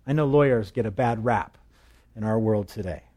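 A man's voice: lowish voice, moderate pace, warm tone. A man teaching through a Bible passage in a conversational way, asking his listeners questions and telling jokes along the way. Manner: chatty, asks the listeners questions, tells jokes.

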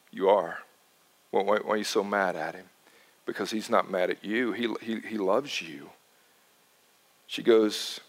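Guy pastor doing a sermon story, normal pitch, lively, repeats himself, gets soft sometimes. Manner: animated, repeats words, drops soft for emphasis.

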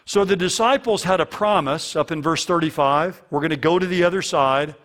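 A man's voice: a little high, fairly quick, few pauses, fairly bright tone. A man preaching a sermon as a pastor, earnest and fond of repeating key lines for emphasis.

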